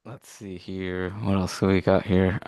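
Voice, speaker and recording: A man's voice: low-pitched, flat delivery, slow pace, a little mellow, no echo. A young man co-hosting a casual sports podcast, laid-back, laughing and swearing casually. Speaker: podcast co-host. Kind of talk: casual chat.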